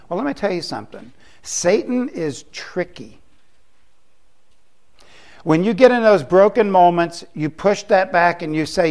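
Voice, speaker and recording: A middle-aged man delivers a sermon from the pulpit. He speaks slowly and with deliberate emphasis, his voice set somewhat high, and he circles back to the same phrases to drive them home. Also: a little mellow. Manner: slow, emphatic preaching with repeated phrases. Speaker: pastor.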